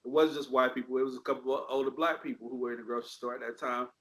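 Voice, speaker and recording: Speaking from home in Dallas, this male podcast guest has a mid-range, fairly bright voice and rattles along at a rapid-fire pace with fairly even intonation. He's casual, laughs often, swears freely, and the room sounds echoey.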